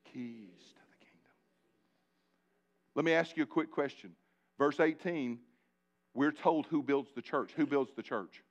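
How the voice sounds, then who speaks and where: Man, pastor, live church sermon, higher-pitched voice, animated, playful asides to the congregation. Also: moderate pace, lo-fi sound. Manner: animated, talks directly to the congregation with asides and jokes. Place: church sanctuary before a congregation.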